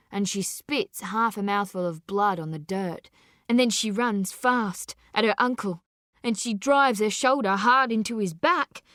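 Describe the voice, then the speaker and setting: A woman narrating a dark story with dramatic, deliberate delivery. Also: mid-range voice, dry recording, clean studio sound. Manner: slow, intense, deliberate delivery.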